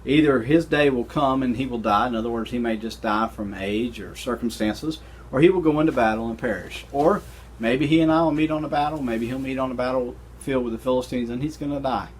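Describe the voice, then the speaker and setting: A man teaching a recorded Bible study lesson, retelling scripture in an animated, conversational way with casual slang. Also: medium pitch, fairly quick, slight background noise.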